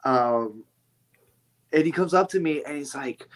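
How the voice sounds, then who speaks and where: A man's voice: medium pitch, expressive, fairly quick, a bit bright. Easygoing man in casual wrestling talk. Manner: easygoing, swears lightly, laughs along. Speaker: podcast guest, wrestler. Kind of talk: casual conversation.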